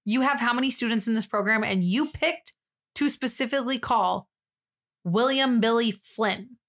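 A woman's voice: fairly high pitch, normal speed, fairly bright tone. Sarcastic young woman telling a true-crime story. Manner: sarcastic, acts out quotes in different voices. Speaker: podcast co-host.

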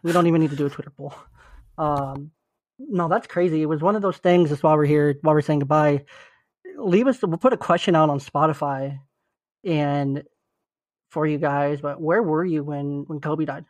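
Here a young man with the flu co-hosts a laid-back podcast conversation, earnest and encouraging in tone. His voice is a little high, his pace moderate, and there's no room sound.

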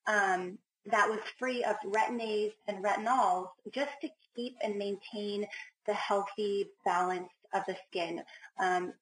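A woman's voice: medium pitch, fairly bright tone. American woman guest explaining stuff, lots of ums, roomy echoey sound, faint noise. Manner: explanatory, with frequent fillers. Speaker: guest, skincare founder and nurse. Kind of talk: interview answers. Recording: roomy, distant remote recording.

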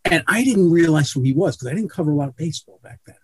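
Blunt, profane sportswriter on a video call. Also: male voice, fairly high pitch, lively intonation, fast talker, slightly rough, dry recording. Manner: blunt, profane, self-deprecating. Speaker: guest, sportswriter. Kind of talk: casual interview storytelling.

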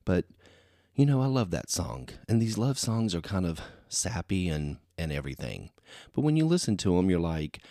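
A man's voice: low-pitched, very animated, normal speed, dark tone, no room sound, studio quality. A man hosting a solo podcast, talking in a rambling, chatty way that is full of "you know". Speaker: podcast host. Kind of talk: casual solo podcast chat.

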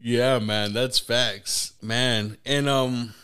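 A male podcast host with a smooth, resonant voice keeps things laid-back. He swears freely and talks like he is chatting with a buddy. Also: mid-range voice, steady tone, very slow, sharp tone. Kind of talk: casual podcast conversation.

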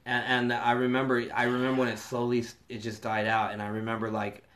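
A man's voice: mid-range voice, monotone, quick pace, a bit bright. A man in his thirties, telling a personal story in casual, profane podcast chat.

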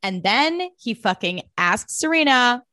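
A woman's voice: fairly high pitch, sing-song, pushed and bright, dry recording. Chatty woman podcast co-host, dry sound. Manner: chatty, swears, quick asides. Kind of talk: casual TV recap chat.

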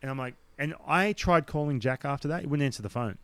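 Animated Australian man telling a story. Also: medium pitch, quick pace, clear, resonant tone, no echo. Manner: animated, acts out the dialogue of others; blunt, swears now and then. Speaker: podcast guest, former baseball pitcher. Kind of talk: casual storytelling.

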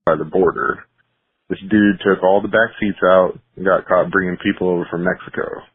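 A man's voice: low-pitched, steady tone, moderate pace, dry recording. A man from San Diego calling in to share a casual story about his mother. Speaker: caller. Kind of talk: phoned-in message. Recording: tinny, husky phone line.

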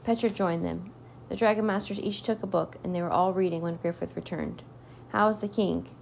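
A woman reading a children's chapter book aloud in a steady storytelling way. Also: lowish voice, a little fast, creaky, a little hiss or hum. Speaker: narrator.

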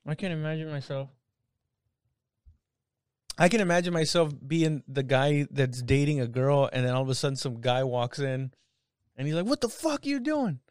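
A man's voice: medium pitch, fairly even intonation, normal speed, pauses often, darkish tone, clean tone, no echo, studio quality. A man in casual podcast chat, reacting with swearing and follow-up questions.

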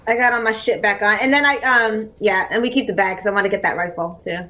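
A woman takes her turn in a tabletop game, chatty and casual, swearing without a second thought. Her voice sits at an ordinary middle pitch for a woman. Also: quick pace, bright, forceful tone, rough recording. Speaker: player.

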